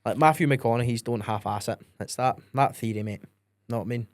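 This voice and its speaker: A man's voice: mid-range voice, brisk, no room sound, studio quality. A Scottish man in his twenties co-hosting a podcast, laid-back and laughing often, tagging "mate" onto his sentences. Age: 20s. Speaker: podcast co-host. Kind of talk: casual chat.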